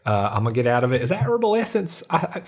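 A man playing a tabletop role-playing game, delivering absurd lines in character with a deadpan manner. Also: medium pitch, racing, breathy edge. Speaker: player.

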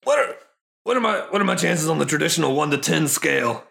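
Wry man with a gravelly, lively voice. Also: on the high side. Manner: wry, jokey, quick. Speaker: player. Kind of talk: in-character tabletop banter.

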